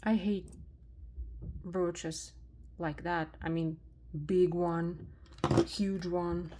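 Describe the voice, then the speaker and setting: A woman with a Russian accent, unboxing thrifted jewelry in a soft-spoken vlog, slow and marveling at each find. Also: fairly low pitch, flat delivery, very noisy. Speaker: jewelry reseller vlogger.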